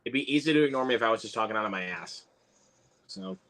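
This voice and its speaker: An excitable man hosts a casual movie watch-along, cursing lightly as he reacts. His voice is bright and forward, and his pitch swings widely. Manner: excitable, swears, quick reactions. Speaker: host.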